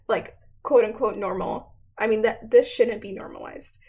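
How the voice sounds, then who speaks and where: A young woman giving a casual, chatty history explainer, full of fillers and quick laughs. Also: medium pitch, a little mellow, slightly rough. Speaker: student presenter.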